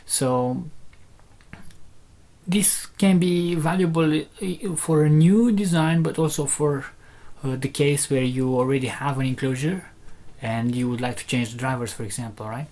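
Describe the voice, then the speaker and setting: In an unhurried, mid-range, darkish voice, a speaker builder casually demonstrates a driver. He hesitates often, restarting and using fillers, while breaking the explanation into steps.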